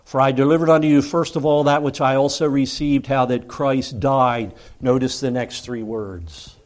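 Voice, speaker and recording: A man preaching a sermon, building to loud cries and then dropping to hushed, solemn tones. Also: medium pitch, steady tone, normal speed.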